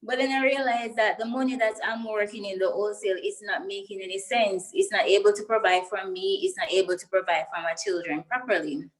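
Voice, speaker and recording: A woman's voice: mid-range voice, fairly even intonation, fairly quick, few pauses, rough recording. A young woman with a Jamaican accent, a guest in an interview, earnestly telling her personal story and getting emotional as she goes.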